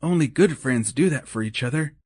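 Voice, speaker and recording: A man voicing Mrs. Claus in an audiobook, a cheerful, encouraging older woman with a brisk manner. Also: mid-range voice, expressive, darkish tone, slightly rough, no room sound, voice pushed up. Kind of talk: audiobook character voice.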